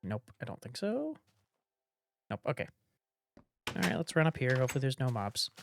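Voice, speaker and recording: With a gravelly, medium-pitched voice that swings hugely in pitch, a man speaks at normal speed over slight background noise. He comments casually on his block-building game while building, rambling, trailing off between ideas, and humming doop sounds.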